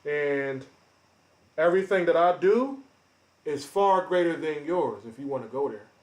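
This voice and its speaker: A man ranting on a live stream, confrontational and boastful, calling out chat members by name with loud bursts and drawn-out emphasis. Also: on the high side, expressive. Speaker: livestreamer. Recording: roomy echo.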